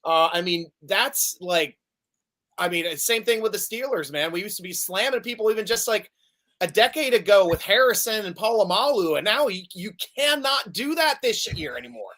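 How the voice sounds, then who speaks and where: Stammering, animated man telling fan stories. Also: high-pitched, moderate pace. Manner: animated storyteller, stammers and repeats words. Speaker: podcast guest, Steelers fan. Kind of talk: casual sports chat.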